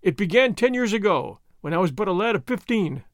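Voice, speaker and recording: A man's voice: high-pitched, animated, a little fast, no room sound, studio quality. A man voicing a courteous, wry masked swordsman who speaks with easy gallantry. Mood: reflective. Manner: courteous, wry, languid at times.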